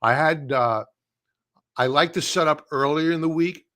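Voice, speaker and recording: A man's voice: a little high, moderate pace, sharp tone. A man hosting a live stock-trading stream, talking casually and bluntly, scoffing at headlines and repeating his points for emphasis. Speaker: livestream stock trading host. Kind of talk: casual live market commentary.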